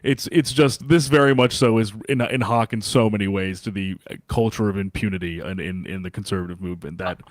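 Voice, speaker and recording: A man's voice: fairly low pitch, a little fast, hardly any pauses, no room sound, studio quality. A man co-hosting a sports podcast in casual chat, rambling with many fillers and restarts. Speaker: podcast co-host.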